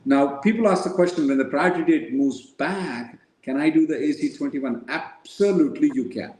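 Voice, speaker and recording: Warm-toned man in an echoey room. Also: a little high, moderate pace. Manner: thinks aloud, restates questions, hesitant. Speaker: immigration attorney answering viewer questions. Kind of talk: live Q&A show.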